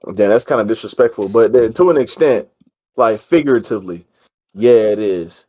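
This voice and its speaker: A man co-hosting a casual podcast, giving his view in a measured, thinking-aloud way. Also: on the low side, mellow. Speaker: podcast co-host.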